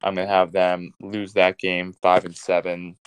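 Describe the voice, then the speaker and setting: Smooth low-voiced blunt podcaster man. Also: monotone, moderate pace. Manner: blunt, decisive predictions. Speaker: podcast co-host. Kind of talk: casual sports chat.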